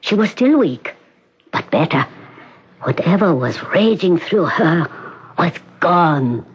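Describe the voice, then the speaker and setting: A formal, measured hospital doctor. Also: male voice, fairly high pitch, lively intonation, husky, heavily acted. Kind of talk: 1970s radio drama acting. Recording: dull old radio recording, faint hiss.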